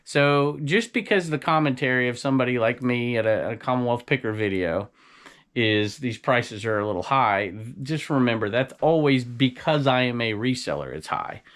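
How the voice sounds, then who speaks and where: A man's voice: mid-range voice, lively intonation, normal speed, a bit bright. A man reselling secondhand goods, talking casually to camera in an opinionated, rambling way. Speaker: reseller vlogger.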